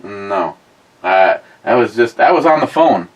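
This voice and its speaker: A man's voice: lowish voice, expressive, unhurried, rough recording. A man hosting a casual live stream, reading viewer comments aloud and answering them with crude, rambling jokes and lots of fillers. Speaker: beer review livestream host.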